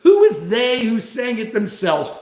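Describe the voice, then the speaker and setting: A man's voice: very high-pitched, huge pitch swings, unhurried, a little mellow. Older guy ranting on his livestream, blunt, echoey room. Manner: blunt, ranting, greets viewers. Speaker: livestream host. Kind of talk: political livestream chat.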